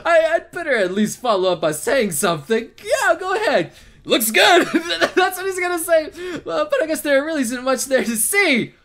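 Reading out the game's text in a very high voice, this let's play host keeps a moderate pace with few pauses. Between lines he erupts into loud yelps, shrieks, laughter, and lots of swearing.

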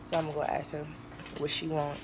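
A woman's voice: sits low, monotone, quick pace, noisy background. A woman vlogging casually from her home kitchen, chatting to her pets and viewers as she cooks. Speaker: lifestyle vlogger. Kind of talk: casual chat.

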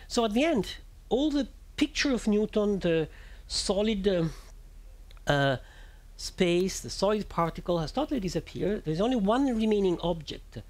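A man's voice: a little high, darkish tone. Italian-accented man lecturing on physics. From Italy. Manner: thoughtful, searching for words, with restarts and fillers. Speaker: physicist giving a talk. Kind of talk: public lecture.

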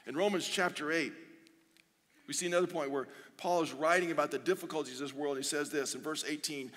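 A man preaching a sermon as pastor, earnest, slowing down to read scripture and repeating pleading phrases. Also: fairly high pitch, fairly bright tone. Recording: long reverb of a large hall.

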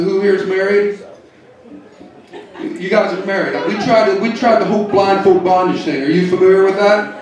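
A middle-aged male comedian tells his set in a deadpan way and picks on people in the crowd. His voice sits a little high. He sounds distant in a roomy club, with a lively audience laughing around him. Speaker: stand-up comedian. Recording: echoey club from far off.

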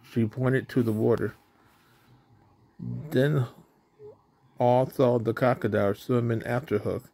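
A man's voice: medium pitch, steady tone, slow pace, long pauses, mellow. A man reading a children's storybook aloud in a plain way, now and then slipping on words and starting over. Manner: plain reading, with slips and restarts. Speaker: storybook reader.

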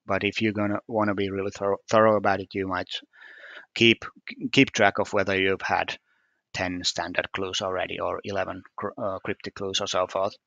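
A man's voice: deep voice, little pitch movement, moderate pace, gravelly, fairly bright tone, no echo, highs cut off. A man walking through a puzzle solution step by step, hesitant and methodical, with frequent fillers. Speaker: puzzle solver explaining solutions. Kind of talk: screen-recorded puzzle walkthrough.

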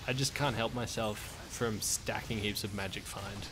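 A man's voice: fairly low pitch, fairly even intonation, normal speed, background noise. A man chatting casually on a game stream, laid-back, chuckling often and swearing casually. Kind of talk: casual gaming stream chat.

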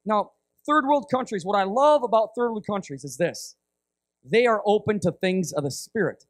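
A middle-aged man from the United States preaching a sermon, telling a story in an animated, rambling way that often breaks off and restarts. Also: high voice, normal speed, no room sound, clean studio sound. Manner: animated, rambling, self-interrupting. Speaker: guest preacher.

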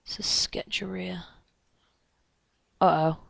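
An excitable woman narrating her game in a slow, unhurried let's play commentary, gasping and chattering at the characters on screen. Her voice sits a little low and sounds dry and close, and she often drops into hushed whispers. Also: vocal fry, no echo. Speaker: gamer.

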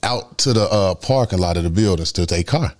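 Middle-aged Chicago man, a low-voiced and fast guest storyteller, animated, heavy slang. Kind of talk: casual street storytelling.

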